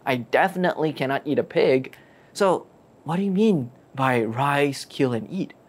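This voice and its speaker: Storyteller doing a flustered devout guy, pitch jumping up, full of questions. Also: lively intonation, moderate pace, breathy edge. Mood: protesting. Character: confused devout Jewish man, apostle.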